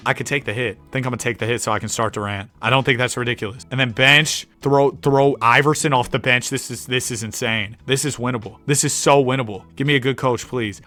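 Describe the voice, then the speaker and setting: A young man giving casual commentary on his own gameplay, talking to himself and bursting into loud excitement at big moments. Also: mid-range voice. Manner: talks to himself while playing, swings to loud excitement. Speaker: gaming video creator.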